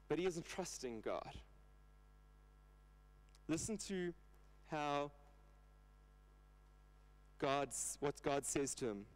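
A man preaching a sermon in church, earnest, retelling scripture in lively paraphrase. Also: a little high, low-quality recording.

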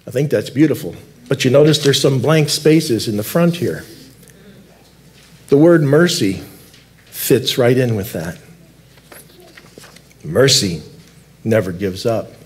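A man preaching a sermon as lead elder in a church, earnest, repeating key words and slowing down to stress them. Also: medium pitch, animated, darkish tone. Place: church sanctuary.

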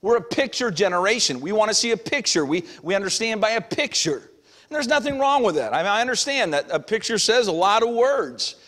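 A man's voice: sits high, sing-song, fairly quick, fairly bright tone. A middle-aged man preaching a sermon as pastor in a folksy, conversational way, acting out little everyday voices. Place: church sanctuary. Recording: long hall reverb.

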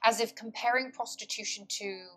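A woman's voice: a little high, steady tone, moderate pace, fairly bright tone, soft background music. A woman tutor giving a detailed, precise poetry analysis lesson, stretching and stressing words to show the rhythm. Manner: articulate, precise academic wording. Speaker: literature tutor.

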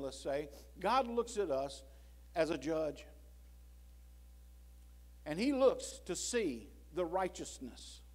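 Man, preacher, high voice, slow delivery, loud pleading then hushed, church sermon. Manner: swings from loud pleading to hushed low tones; acts out prayers and God's words in quotes. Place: church sanctuary.

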